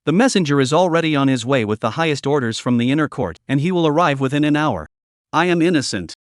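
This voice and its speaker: A man's voice: a little high, animated, quick pace, no echo, studio quality, natural voice. A man voicing a terrified old governor. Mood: desperate. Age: older. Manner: desperate, pleading. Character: terrified old male governor begging for help.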